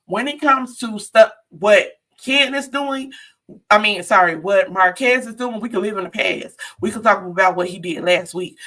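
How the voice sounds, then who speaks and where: A woman's voice: mid-range voice, normal speed, pushed and bright. A woman giving a chatty, sassy live-stream recap of a reality show, talking straight to her viewers.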